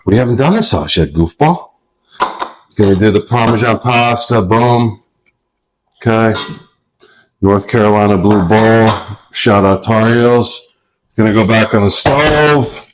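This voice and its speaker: A dad with a fairly low voice runs a home cooking segment in his kitchen. He keeps up a playful hype-man patter, tossing out shout-outs and punchy exclamations as he cooks. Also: measured pace, pauses often, noisy background. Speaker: dad hosting a family cooking show. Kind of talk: casual cooking demonstration.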